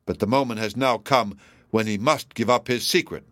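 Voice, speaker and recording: A man reading aloud in the voice of a smug, pompous elderly judge, formal and deliberate. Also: on the low side, a bit bright, dry recording, lightly acted. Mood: insistent. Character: smug, self-assured elderly male judge, pompous and formidable.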